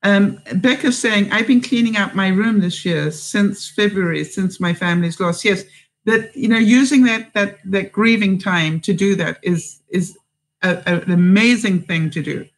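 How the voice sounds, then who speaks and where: A woman's voice: medium pitch, moderate pace, rough recording. A woman hosting a live stream. She reads viewer comments aloud and answers with encouraging advice, rambling with plenty of fillers and restarts. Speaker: vlogger and host.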